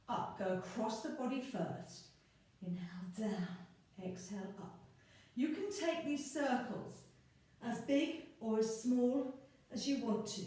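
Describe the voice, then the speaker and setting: A woman leading a pilates class, calmly cueing breath, counting reps and encouraging her students. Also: a little high, recorded from a distance. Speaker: pilates instructor. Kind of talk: guided exercise class instruction. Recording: echoey room, voice a bit off-mic.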